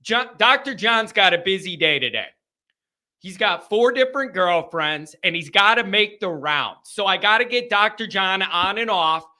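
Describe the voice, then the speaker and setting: A man's voice: high voice, lively intonation, normal speed, sharp tone. A man hosting a live sports call-in show, chatting casually to his audience, rambling, joking and restarting his sentences. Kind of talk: casual live-stream chat.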